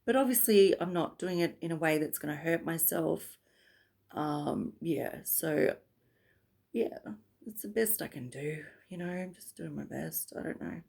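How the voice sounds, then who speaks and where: A woman's voice: low voice, animated, unhurried, vocal fry, a little mellow. A woman vlogger talking casually to camera, rambling and chatty, breaking into laughs often.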